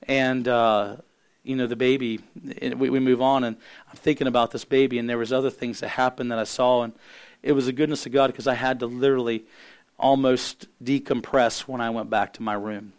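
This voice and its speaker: A man preaching and telling a personal testimony, halting and repeating words as he speaks. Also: mid-range voice, little pitch movement, clean tone. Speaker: minister. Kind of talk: sermon testimony.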